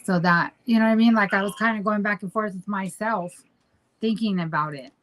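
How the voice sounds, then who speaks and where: A woman's voice: mid-range voice, brisk, fairly bright tone, low-quality recording. A woman co-hosting a podcast, talking in a casual, rambling way and teasing her husband. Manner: rambling, teasing, goes back and forth. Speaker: podcast co-host. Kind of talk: casual chat.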